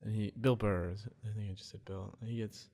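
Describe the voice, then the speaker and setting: A man's voice: on the low side, fairly even intonation, fairly quick. Frustrated young man rambling alone. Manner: frustrated, rambling, profane, with many restarts; tends to talk quiet. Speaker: podcast host. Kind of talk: solo rambling monologue. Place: dark room at home.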